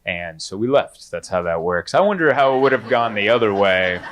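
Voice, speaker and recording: A man in his thirties doing a stand-up comedy set on a comedy club stage, lively and animated, jumping into high-pitched bursts when he mimics other people. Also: moderate pace. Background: audience laughter.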